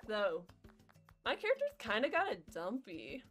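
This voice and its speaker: A woman's voice: mid-range voice, measured pace, a bit bright, soft background music. A woman streaming a video game, chatting casually and playfully with her viewers in a jokey, rambling way. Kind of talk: casual gameplay chat.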